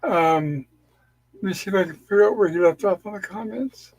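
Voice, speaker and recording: A tired man hosting a casual livestream, his voice sitting high for a man. He talks in an easygoing, unhurried way. The sound is dry and close, with no room around it. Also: darkish tone, dry recording, rough recording. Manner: easygoing, winding down. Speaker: livestream host. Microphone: home microphone.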